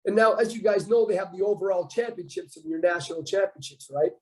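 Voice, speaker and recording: Animated Canadian man telling a story. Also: sits high, fast, rough recording. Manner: animated storyteller acting out quoted dialogue. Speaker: podcast guest, bodybuilder. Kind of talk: casual storytelling interview.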